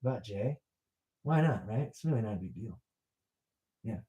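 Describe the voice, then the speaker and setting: A man's voice: on the low side, expressive, moderate pace, mellow, slightly rough, muffled recording. A man on a livestream reading chat questions aloud and answering them in a blunt, profane, rambling way.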